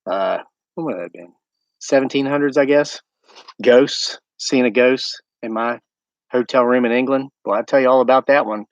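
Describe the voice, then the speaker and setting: A man's voice: medium pitch, moderate pace, dry recording. An American man hosting a casual homesteading livestream at night outdoors, chatting and rambling to his live viewers. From United States.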